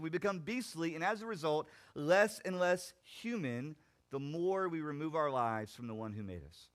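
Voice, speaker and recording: A young man preaching a sermon as pastor, swinging from loud emphatic points to quiet, low asides, with a few restarts. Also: normal speed. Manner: animated preaching, rising loud then dropping quiet.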